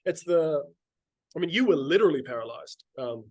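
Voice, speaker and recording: This is a man hosting a casual podcast, with a voice pitched a bit high for a man. He is playful and swears freely, and he slips into mock quoted voices to tease his guest. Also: expressive, normal speed, a little mellow, slightly rough, no echo. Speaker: podcast host. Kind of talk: casual chat.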